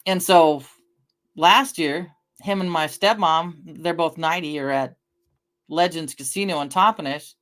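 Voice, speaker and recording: A woman's voice: sits low, measured pace, fairly bright tone. A middle-aged woman from the American Northwest, chatting casually on a livestream. She rambles through anecdotes, swears casually and answers her chat.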